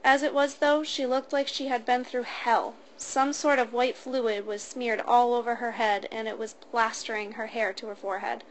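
A woman reads a first-person story aloud in a steady, matter-of-fact way. Her voice sits somewhat high, with a light hum of ambience behind it. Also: normal speed, few pauses. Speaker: narrator.

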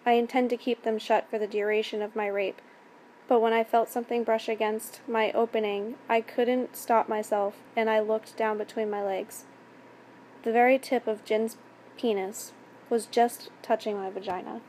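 A woman's voice: fairly high pitch, level tone, moderate pace, a little mellow, a little hiss or hum. Woman narrating a first-person story.

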